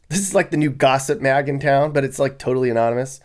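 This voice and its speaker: A man's voice: mid-range voice, fast talker, hardly any pauses, noisy background. A young man giving casual, sarcastic commentary on a series of maps, chuckling as he goes. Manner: wry, sarcastic, chuckles often. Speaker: vlogger.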